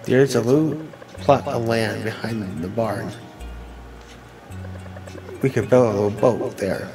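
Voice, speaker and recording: A man reading video game dialogue aloud as a let's player, with a halting delivery and frequent restarts. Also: on the low side, music in the background, low-quality recording.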